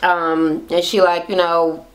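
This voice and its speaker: A woman with a slightly low voice recaps a reality show in a blunt, profane rant. She talks casually and gossips as she retells the scenes. She never softens her opinions. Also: little pitch movement, slow pace.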